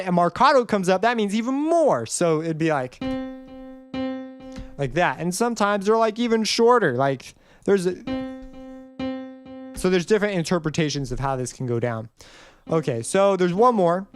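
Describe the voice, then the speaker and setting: A man hosting a casual music theory tutorial, explaining in a loose, rambling way and singing notes to show each marking. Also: sits high. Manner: loose, rambling explanations, sings note examples. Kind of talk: casual screen-recorded tutorial.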